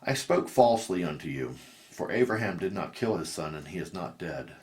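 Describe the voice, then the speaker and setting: A man reading the lines of a deceiving spirit disguised as a humble old man, telling in a plain, measured way. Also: low-pitched, animated. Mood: deceitful.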